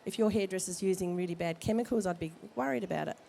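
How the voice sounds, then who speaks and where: A woman's voice: lowish voice, quick pace, gravelly, warm tone, a little hiss or hum. Chatty woman with a cold. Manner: chatty, jokey, direct advice. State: has a cold. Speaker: midwife speaker at a baby expo. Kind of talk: informal talk to expectant parents. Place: expo hall.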